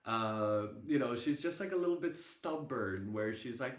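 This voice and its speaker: A young man sharing a personal story on a group video call. He talks in a halting, candid way and swears casually. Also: medium pitch, animated, reverberant.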